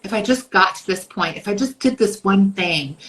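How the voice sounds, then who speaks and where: A woman in her fifties co-hosting a casual podcast chat, talking bluntly and emphatically, swearing freely and acting out inner voices in quick asides. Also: mid-range voice, lively intonation, a bit bright, poor audio. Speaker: podcast co-host.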